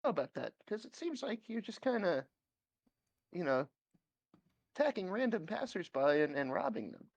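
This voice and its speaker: A woman's voice: fairly low pitch, big pitch swings, moderate pace, pauses often, darkish tone, dry recording. A woman player in a tabletop game, talking casually with lots of fillers. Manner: chatty, full of fillers like 'like'. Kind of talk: casual tabletop role-play.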